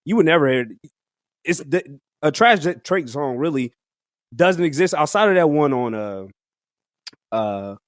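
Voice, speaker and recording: Podcast co-host, male, higher-pitched, loose and slangy, frequent laughter, dry booth. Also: expressive, measured pace, long pauses, no room sound. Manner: slangy, laughs often, rambling restarts. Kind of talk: casual music review chat.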